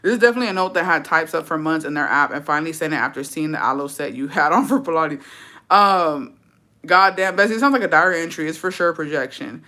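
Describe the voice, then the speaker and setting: Chatty, cursing woman vlogger, lowish voice. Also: expressive, quick pace, pushed and bright. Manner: chatty, swears freely, mixes in Spanish phrases. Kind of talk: casual storytime chat.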